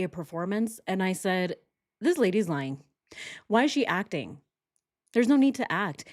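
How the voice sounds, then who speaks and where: A woman's voice: lowish voice, dry recording, clean studio sound. A woman hosting a true crime reaction, talking casually and sarcastically, mocking what she hears. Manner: sarcastic, mocking mimicry with laughs.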